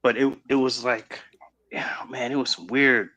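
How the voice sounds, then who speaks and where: A man co-hosting a casual podcast chat, an animated storyteller who laughs often. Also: medium pitch, unhurried, dry recording. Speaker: podcast co-host.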